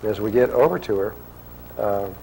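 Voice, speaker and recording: A man's voice: fairly low pitch, a little fast, creaky, mellow, slight background noise, rough recording. A man telling a long personal story to an audience, rambling and acting out quotes. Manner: rambling, restarts often, acts out quotes.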